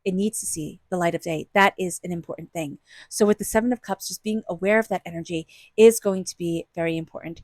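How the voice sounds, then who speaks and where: A woman's voice: lowish voice, fast, a little mellow, dry recording. Chatty woman reading tarot, dry sound. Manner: chatty, uses many fillers and acts out inner voices. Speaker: tarot reader. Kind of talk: casual tarot reading monologue.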